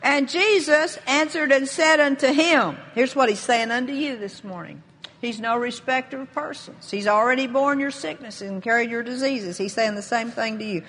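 A woman preaching a sermon with a bright, ringing voice, pitched a little high. Her words carry a long reverb from a large hall. She builds into bold, emphatic proclamation as she reads scripture. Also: moderate pace.

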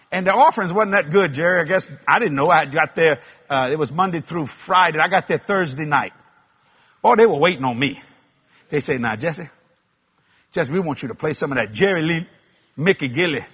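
A man preaching with a high-pitched voice, breaking into loud shouts and folksy humor. The sound is muffled, like an old broadcast recording. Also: animated, fairly quick, husky. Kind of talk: sermon with comic storytelling.

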